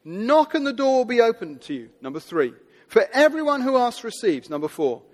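A man preaching a sermon to a seated audience, earnest and building to loud, emphatic quotations. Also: very high-pitched, big pitch swings, normal speed. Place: large hall with audience seating. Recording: long hall reverb.

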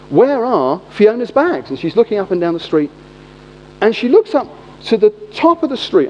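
A middle-aged man with a British accent telling a story in a sermon, animated and chatty. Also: high-pitched. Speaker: preacher. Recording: long reverb, dull lo-fi sound.

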